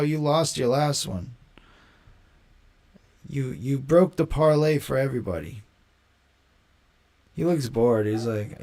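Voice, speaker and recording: A young man hosting a casual live stream, talking in a slangy, rambling way and quick to mock. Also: fairly high pitch. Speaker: livestream host.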